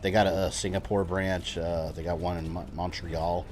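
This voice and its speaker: Young guy streamer chatting over game, lowish voice, chuckles a lot. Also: little pitch movement, normal speed. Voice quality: rambling, chuckling asides. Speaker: gaming streamer. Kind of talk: casual gameplay commentary. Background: game music.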